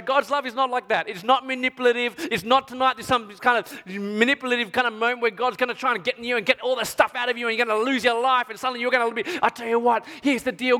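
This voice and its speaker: Australian male preacher, high-pitched and bright, animated storyteller, big hall reverb. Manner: animated, chatty, keeps asking "right?". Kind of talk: storytelling sermon to a youth event.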